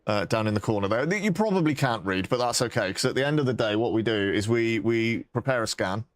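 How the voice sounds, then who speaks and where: A man's voice: mid-range voice, animated, fast talker, no echo. Man, game streamer, casual rambling chat, swears, laughs at himself, dry close sound. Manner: rambling, swearing, self-mocking with bursts of laughter.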